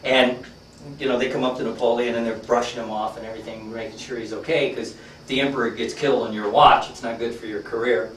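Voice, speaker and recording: A man's voice: mid-range voice, flat delivery, quick pace, fairly bright tone, distant mic, slight background noise. Man lecturing in a roomy hall. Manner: conversational, folksy, many fillers. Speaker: workshop trainer. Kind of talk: storytelling lecture to a class.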